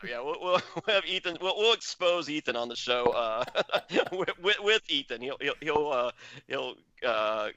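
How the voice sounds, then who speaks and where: A man's voice: on the high side, lively intonation, moderate pace, pushed and bright, no room sound. A man hosting a podcast, rambling and joking with lots of restarts in casual chat. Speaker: podcast host. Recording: dull dry podcast audio.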